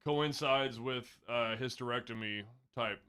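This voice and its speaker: Brief: male podcast co-host, bright and crisp, quick to ask questions and add facts. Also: mid-range voice. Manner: inquisitive, chimes in with questions and facts. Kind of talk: casual true-crime chat.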